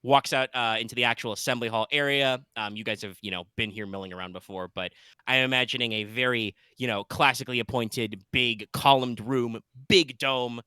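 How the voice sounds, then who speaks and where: Bright, smooth-voiced male game master. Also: mid-range voice, brisk, dry recording. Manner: rambling, filler-heavy, playful. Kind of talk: narrating a tabletop game.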